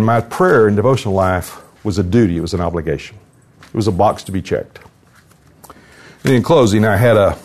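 A man's voice: on the low side, darkish tone. An older man giving an earnest devotional talk at a conference, telling a personal story and closing in prayer. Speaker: conference speaker. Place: conference hall.

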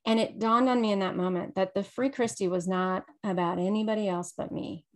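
A middle-aged woman, a podcast guest, talking casually and telling stories with lively, acted-out quotes. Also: medium pitch, brisk. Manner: animated storyteller who acts out quoted voices. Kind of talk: casual interview conversation.

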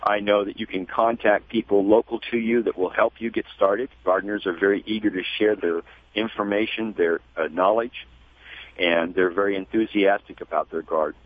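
A man talking as a guest in a radio interview, measured and spelling out web addresses slowly. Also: on the low side, steady tone, no echo. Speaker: guest, gardening educator. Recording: tinny phone line.

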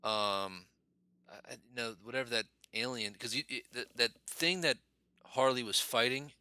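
A man's voice: medium pitch, moderate pace, bright, forceful tone, smooth, no room sound. A man co-hosting a podcast in casual movie chat, rambling loosely and swearing in passing. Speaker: podcast co-host.

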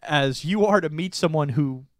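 A young man co-hosting a podcast, telling a story in casual chat, animated and laughing often. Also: fairly high pitch, normal speed, no echo, clean studio sound. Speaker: podcast co-host.

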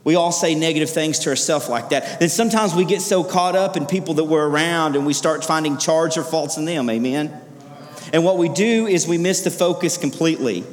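A man preaching a sermon as pastor, energetic, calling out to the congregation for responses. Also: fairly high pitch, in a large hall.

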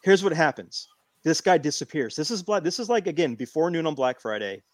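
Guy telling a rambling story, kinda high voice, dry close sound. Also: a little fast, dry recording. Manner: animated, repeats himself while telling a story. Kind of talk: casual chat.

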